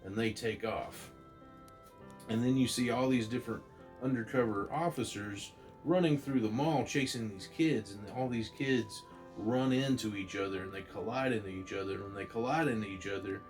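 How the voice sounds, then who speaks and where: A man casually retelling a holiday comic story, rambling and excited, with restarts. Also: fairly low pitch, normal speed, soft background music. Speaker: comic book reviewer.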